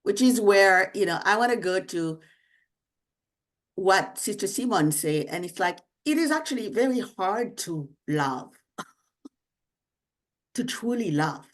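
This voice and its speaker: A woman's voice: medium pitch, big pitch swings, slow pace, long pauses. A woman moderating a panel discussion, speaking with searching phrasing and frequent fillers.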